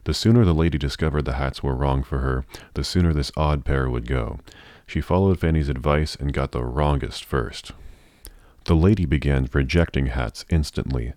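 A man narrating a novel in a measured, even storytelling manner. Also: extremely low pitch, dry recording, studio quality. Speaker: audiobook narrator.

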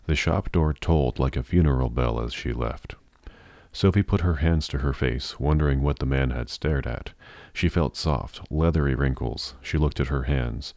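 A man narrating a novel in a measured, even storytelling manner. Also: a bass voice, gravelly, no echo, studio quality. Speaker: audiobook narrator.

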